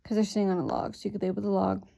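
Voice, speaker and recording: Sleepy woman with a gravelly dark voice. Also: medium pitch, rapid-fire. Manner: relaxed, thinks aloud with fillers. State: sleepy, yawning. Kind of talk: reading aloud and explaining teaching prompts.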